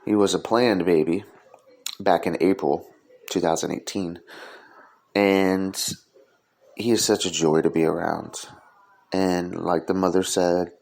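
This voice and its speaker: A man's voice: sits low, fairly even intonation, unhurried, gravelly, long pauses, darkish tone. A man hosting his own podcast, talking earnestly in a loose, casual way with frequent "um" fillers. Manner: earnest, sincere delivery. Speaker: podcast host. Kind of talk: casual solo podcast monologue.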